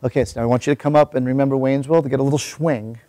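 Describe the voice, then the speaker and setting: A man's voice: medium pitch, fairly even intonation, racing, warm tone, dry recording. A man who is a fitness trainer, out of breath as he talks someone through exercises. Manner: giving instructions while exercising. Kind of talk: coaching a workout while talking.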